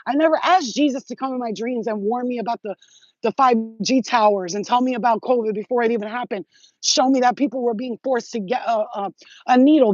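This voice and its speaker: Brief: woman vlogger with a slightly high voice, swearing freely and rambling, recorded dry and muffled. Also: no room sound. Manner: profane, excitable, streetwise slang. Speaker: spiritual vlogger. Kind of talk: rambling casual monologue to viewers.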